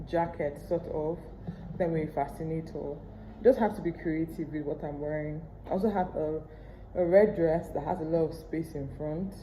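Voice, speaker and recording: Pregnant woman vlogger with a Nigerian accent, low-pitched and reflective, recorded in a roomy, echoey space. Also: mellow, a little hiss or hum. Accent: Nigerian English. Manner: chatty, candid and reflective. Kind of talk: casual vlog chat. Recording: roomy echo.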